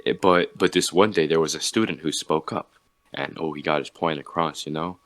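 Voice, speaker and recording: A man's voice: rumbling low, fairly even intonation, fairly quick, a bit bright. A young man hosting a podcast, casually retelling a story with lots of fillers and quoted bits. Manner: rambling, filler-heavy retelling with acted quotes. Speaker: podcast host.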